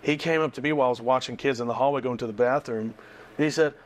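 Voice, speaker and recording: A man's voice: mid-range voice, very fast. A man, a teacher, chatting casually and telling stories with a dry, joking manner. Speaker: podcast co-host, teacher. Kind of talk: casual chat.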